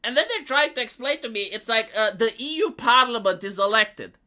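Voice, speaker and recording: A streamer ranting on a live stream, swearing freely and dripping with sarcasm. The pitch swings up and down in a lively way, and the tone stays bright. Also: brisk. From Romania. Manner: sarcastic, profane, heated.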